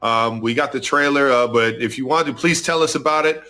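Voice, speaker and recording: A man's voice: mid-range voice, fairly quick, pushed and bright. A man hosting a podcast, chatting casually and chiming in with short encouraging remarks. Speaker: podcast host. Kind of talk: casual chat.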